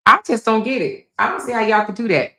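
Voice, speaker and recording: Woman host for a casual live-stream chat: loud, blunt, cusses freely, quick to laugh, bright and forceful tone. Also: on the high side.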